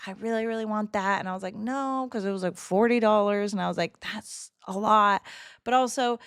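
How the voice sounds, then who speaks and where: A woman in her thirties chatting casually to a live chat, telling a story with laughs and quick asides. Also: medium pitch, clear, resonant tone, dry recording, clean studio sound. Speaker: streamer.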